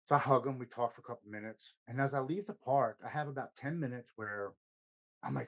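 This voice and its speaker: A man's voice: medium pitch, fairly quick, low-quality recording. A man in his forties, a podcast guest telling a personal recovery story in an earnest way, often quoting himself and others and repeating words when moved. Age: 40s.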